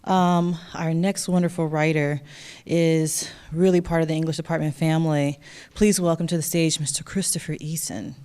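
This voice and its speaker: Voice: medium pitch, little pitch movement, normal speed, warm tone. An upbeat host runs a campus open-mic night, cheerfully introducing each performer. The voice sits mid-range and stays enthusiastic. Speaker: event host. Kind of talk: emcee introductions. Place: college event stage.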